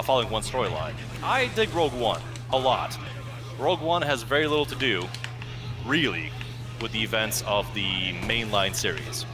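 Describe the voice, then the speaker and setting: A man co-hosting a gameplay video, talking in a musing, analytical, wordy way. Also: medium pitch. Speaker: co-host gaming commentator. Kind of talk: casual gameplay chat.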